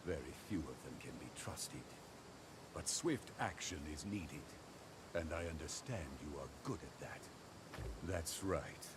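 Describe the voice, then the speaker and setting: An actor voicing a solemn, proud male talking wolf in a video game, with grave, measured delivery. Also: a bass voice, lively intonation. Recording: game audio with background noise.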